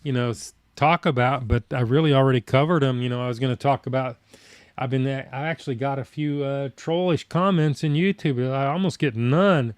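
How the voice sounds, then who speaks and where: A man with a drawl hosts a live stream and chats casually with viewers as he reads their comments. He talks in a plainspoken, folksy way and rambles at times. His voice sits at an ordinary pitch and is recorded close and dry. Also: a little fast, smooth, no echo.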